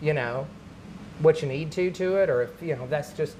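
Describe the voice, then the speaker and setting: A man, a comedian guest, chatting casually on a podcast and telling animated stories with quick character voices. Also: fairly high pitch, slight background noise, rough recording.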